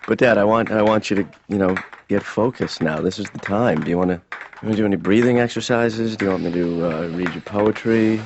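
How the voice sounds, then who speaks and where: An actor playing a sardonic young adult son who mumbles dry, sarcastic jokes. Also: male voice, fairly low pitch, fairly quick, lightly acted. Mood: teasing. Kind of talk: deadpan cartoon dialogue. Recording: dull lo-fi audio, faint hiss.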